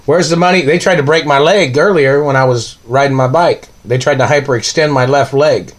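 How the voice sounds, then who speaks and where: A man's voice: mid-range voice, brisk. A man delivering an angry, accusing monologue, ranting and firing off repeated questions.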